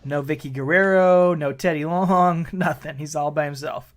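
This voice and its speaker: A man's voice: a little high, steady tone, moderate pace. Laid-back male podcast co-host. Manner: laid-back, recaps matches with fillers. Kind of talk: casual podcast chat.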